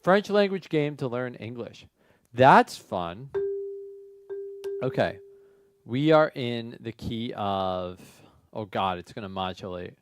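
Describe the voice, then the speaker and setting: A man hosting a music request livestream who chats casually and thinks out loud, his voice running through a flanger effect. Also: medium pitch, lively intonation, slow, long pauses. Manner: rambling, thinks aloud, laughs at himself. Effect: flanger and reverb on his voice.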